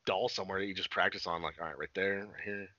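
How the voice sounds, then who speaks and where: A man's voice: sits low, steady tone, fast, sharp tone, dry recording. A young man chatting casually, retelling a show in a rambling, profane way and acting out its lines. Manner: rambling, profane, laughing, acts out quotes. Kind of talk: casual chat recapping a show. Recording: dull dry lo-fi audio.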